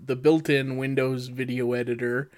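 A man's voice: medium pitch, little pitch movement, normal speed, a little mellow. A man co-hosting a casual podcast, rambling with many fillers and chuckling mid-sentence. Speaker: podcast co-host. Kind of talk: casual chat.

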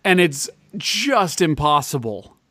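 A man's voice: fairly high pitch, very animated, takes it slowly, pushed and bright, no echo. A man co-hosting a podcast, chatting casually about old arcade games and rambling with many fillers and restarts. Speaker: podcast co-host.

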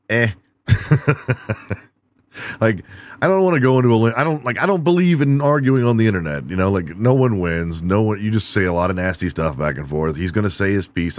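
A man hosting his own podcast, delivering an irreverent, profane comedic monologue and laughing at his own jokes. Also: low voice. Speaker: podcast host.

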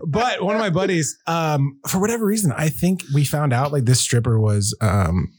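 A man's voice: fairly high pitch, moderate pace, breathy edge, no room sound. A young man co-hosting a podcast, swearing freely while he tells a rowdy story in casual crude banter. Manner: animated storyteller, swears often. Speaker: podcast co-host.

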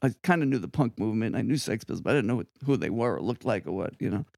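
An older man from Long Island, a guest musician telling rambling, animated stories with frequent asides in an interview. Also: fairly low pitch, racing, vocal fry, no room sound, clean studio sound. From Long Island, New York. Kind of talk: anecdotal storytelling in an interview.

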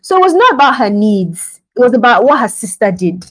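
A woman's voice: fairly high pitch, big pitch swings, a little fast, rough recording. Conversational woman preaching a devotional. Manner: conversational, laughs often, acts out scenes. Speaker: podcast preacher. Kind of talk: devotional podcast sermon.

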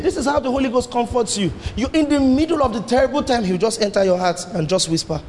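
A man with a high voice preaches a sermon in a church hall, full of rhetorical questions and sudden leaps and drops in pitch. A long hall reverb trails every phrase. A faint hum of ambience sits underneath. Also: expressive, fairly quick, few pauses, a little mellow.

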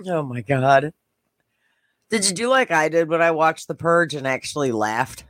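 A woman's voice: deep voice, expressive, moderate pace, dry recording. A woman co-hosting a casual podcast with her husband, laughing often and firing back sarcastic comebacks. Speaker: podcast co-host. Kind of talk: casual banter.

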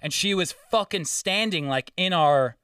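A man's voice: high-pitched, measured pace, clean tone, dry recording. Guy telling a swear-heavy story, dry room, bit far from the mic. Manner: profane, animated storytelling with acted-out quotes. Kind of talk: casual storytelling chat.

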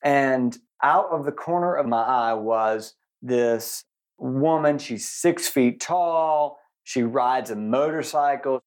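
A podcast co-host speaks slowly at a medium pitch in casual chat. He is an animated storyteller who tells self-mocking stories, laughs often, and stresses unusual words.

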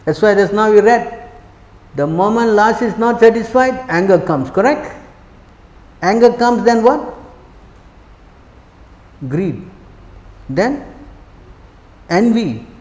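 A man's voice: high voice, lively intonation, takes it slowly, long pauses, a little mellow. A man giving a spiritual class as a sermon, emphatic, constantly quizzing his listeners with rhetorical questions, in a temple hall. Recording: echoey hall with long reverb.

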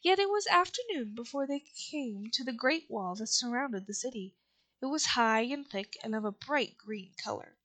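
Woman, audiobook narration, steady storytelling, somewhat high voice. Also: normal speed.

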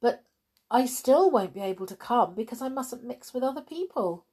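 A woman's voice: fairly high pitch, expressive, normal speed, darkish tone, husky, voice pushed up. A woman doing a small tearful girl. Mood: wondering.

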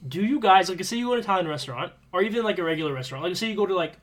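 Fast-talking young man joking around. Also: high-pitched, animated. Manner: joking, teasing, laughs often. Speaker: podcast co-host. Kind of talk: casual chat.

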